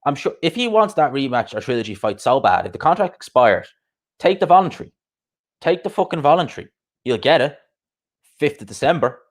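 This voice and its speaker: A man's voice: mid-range voice, big pitch swings, brisk. A man hosting a boxing live stream, ranting bluntly and profanely with lots of rhetorical questions. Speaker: boxing podcast host. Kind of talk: casual live stream rant.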